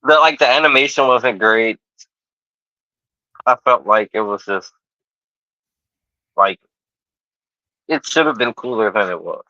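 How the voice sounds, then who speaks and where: A man's voice: on the low side, measured pace, pauses often, bright, forceful tone, no room sound, dull audio. A man co-hosting a casual podcast chat, hesitant and rambling with many fillers. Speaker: podcast co-host.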